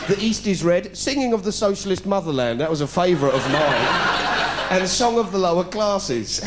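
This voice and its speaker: A middle-aged British comedian performs a stand-up routine on stage before a live audience, telling a sarcastic story and putting on voices as he goes. His voice is a little high, and there's background noise. He speaks with a British English accent.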